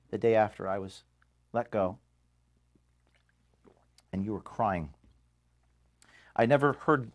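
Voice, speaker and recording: A man in his thirties giving an emotional farewell speech to his staff in an office, halting and restarting as he speaks. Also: medium pitch. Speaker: organization founder addressing staff. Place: office, indoors.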